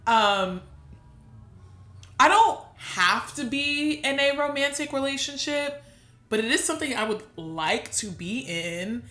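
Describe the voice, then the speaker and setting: A woman's voice: high-pitched, lively intonation, takes it slowly, pushed and bright, roomy sound. A young woman co-hosting a podcast, talking candidly and emotionally in casual chat, swearing freely. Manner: emotional, swears freely, laughs through tears. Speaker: podcast co-host.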